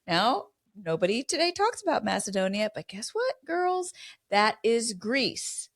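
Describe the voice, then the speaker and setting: A middle-aged woman, co-hosting a podcast, mixing casual chat with Bible teaching in an animated storytelling way. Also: a little high, measured pace. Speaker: podcast co-host.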